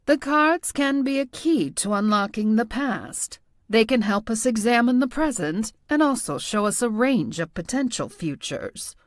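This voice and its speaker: A woman voicing a poised, patient middle-aged tarot reader who speaks in a calm, knowing, lightly teasing way for an audiobook. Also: a little high, measured pace, no echo, studio quality. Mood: instructive. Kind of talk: audiobook character voice.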